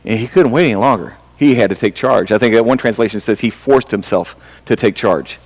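A man's voice: lowish voice, fairly quick, big-room sound, rough recording. A man preaching a sermon in a conversational way, often restarting his sentences and asking his listeners questions. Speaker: pastor.

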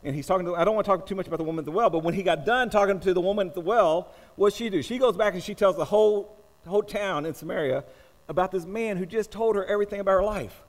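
High-voiced man preaching in a reverberant hall. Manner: halting restarts, rising to loud emphatic preaching. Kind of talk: sermon with scripture reading. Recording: long reverb of a large hall.

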